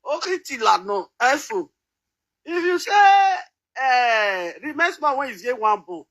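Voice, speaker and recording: Nigerian woman vlogger, middle-aged, high-pitched and chatty, laughs a lot. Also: big pitch swings, measured pace, fairly bright tone, rough recording. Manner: chatty, laughs often, sings snatches. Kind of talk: casual chat.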